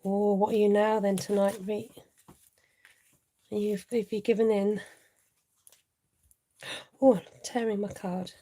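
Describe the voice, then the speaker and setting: A woman's voice: medium pitch, level tone, a little slow, pauses often, warm tone. A woman hosting a casual live craft tutorial, thinking aloud as she works and chatting to viewers.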